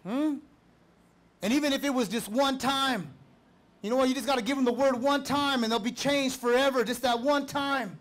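A man preaching a sermon as pastor, fervent and conversational, building up to shouts. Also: very high voice, normal speed.

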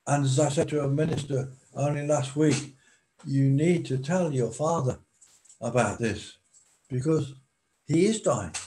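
A male preacher delivering a sermon with a mellow, warm tone. He speaks slowly and deliberately, leaning on pauses to let each phrase land. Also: medium pitch, low-quality recording.

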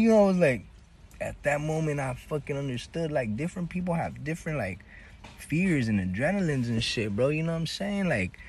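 A man telling a slangy, animated story to his viewers, acting out the voices of the people in it. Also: fairly high pitch, slightly rough, no echo. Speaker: vlogger. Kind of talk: casual storytelling.

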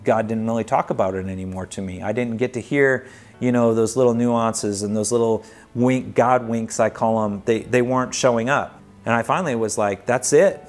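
A man's voice: mid-range voice, steady tone, moderate pace, faint music behind. Earnest man telling his own story. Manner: earnest, conversational, vivid retelling. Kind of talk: personal storytelling.

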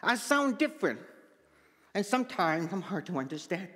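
High-voiced man with a deaf accent preaching. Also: sing-song, moderate pace, fairly bright tone, long reverb tail. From Manitoba, Canada. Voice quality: deaf speech, hard-of-hearing accent. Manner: earnest personal testimony. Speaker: pastor. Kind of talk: sermon. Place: church sanctuary.

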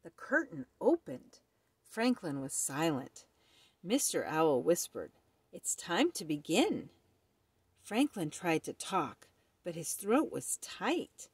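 Woman reading a picture book aloud, low-ish voice, dry close recording. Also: breathy edge, no echo. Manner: slow, expressive reading. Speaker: storyteller. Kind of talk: children's read-aloud.

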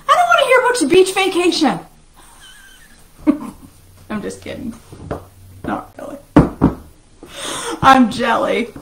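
A middle-aged woman, joking and chatting with viewers while she makes a shake in her home kitchen. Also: medium pitch. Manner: chatty, jokey, talks to viewers while cooking. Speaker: vlog host making a shake. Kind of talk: casual live-stream chat. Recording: home kitchen recording with clear background noise.

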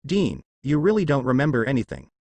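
A man plays a sharp younger brother with a sarcastic edge. His pitch moves freely. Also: wildly swooping pitch, a little fast, no room sound.

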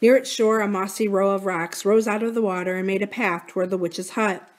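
A woman reading a children's novel aloud in a library storytime series, with expressive, dramatic delivery. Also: medium pitch, a little fast.

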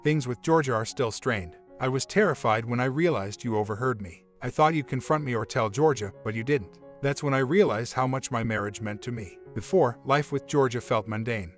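A man's voice: medium pitch, fairly quick, few pauses, faint music behind, natural voice. A man voicing a remorseful married man who rambles through an apologetic confession.

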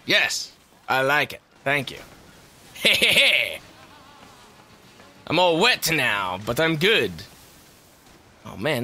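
A young man doing loud, excitable let's play commentary, swearing and laughing often. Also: fairly high pitch, slight background noise. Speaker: gaming video host.

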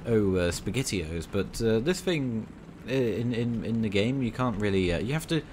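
A man giving excitable, casual commentary over a tank game, bantering at enemies with mock outrage. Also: mid-range voice, normal speed, slight background noise. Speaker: gaming video creator.

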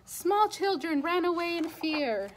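A children's librarian reading a picture book aloud at storytime, in an expressive, animated way. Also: female voice, very high voice, unhurried.

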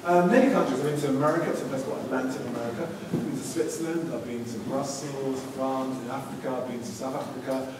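A man's voice: mid-range voice, steady tone, fast talker, hardly any pauses. A man performing spoken-word poetry and answering pupils' questions, with rhythmic delivery and playful banter. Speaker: visiting poet. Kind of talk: school visit poetry performance and Q&A. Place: school hall. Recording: echoey hall from far off, noisy.

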